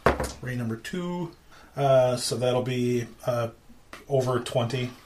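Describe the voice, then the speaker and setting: A man playing in a tabletop game, excitable and quick to laugh, swearing freely as he talks. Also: mid-range voice, noisy background. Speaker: player. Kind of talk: casual game chat.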